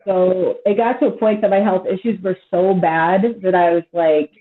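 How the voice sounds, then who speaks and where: A woman's voice: on the low side, fairly even intonation, normal speed. A woman in her thirties chatting casually on a live stream, rambling and swearing freely with lots of "like". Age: 30s. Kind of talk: casual chat. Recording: tinny phone-like call audio.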